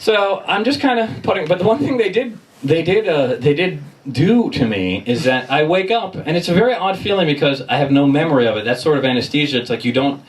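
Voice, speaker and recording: A man doing stand-up at a bar comedy night, telling a story in a profane, animated and self-mocking way. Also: on the high side, fairly quick, few pauses. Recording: distant mic with crowd laughter. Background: audience laughter.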